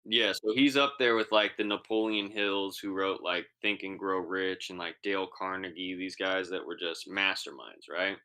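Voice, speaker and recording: A man's voice: deep voice, fairly even intonation, moderate pace, few pauses, bright, forceful tone, clean tone. A young man co-hosting a podcast in casual chat, laid-back and slangy with many fillers. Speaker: podcast co-host.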